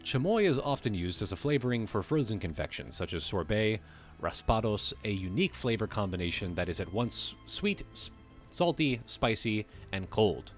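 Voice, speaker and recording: A man's voice: fairly low pitch, sing-song, normal speed, faint music behind. A man hosting a livestream, reading a text aloud and breaking off to riff on it casually, swearing now and then. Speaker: livestream host.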